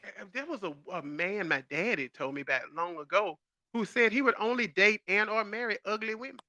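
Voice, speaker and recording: A man co-hosting a podcast in casual chat, animated and laughing often. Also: high voice, brisk, no room sound. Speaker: podcast co-host.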